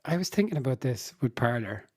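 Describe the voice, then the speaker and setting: A man co-hosting a book podcast. He laughs easily and wanders through his thoughts in casual conversation. He sits close to the mic in a dead, dry room, at an ordinary middle pitch. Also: very animated, fairly quick, husky, no room sound. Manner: laughing, rambling storyteller. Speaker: podcast co-host. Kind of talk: casual chat.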